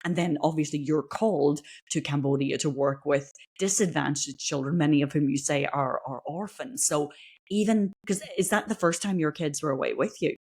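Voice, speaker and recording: A woman's voice: deep voice, normal speed, darkish tone, husky. A woman hosting a podcast in casual interview chat, empathetic and often restarting her questions mid-sentence. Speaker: podcast host.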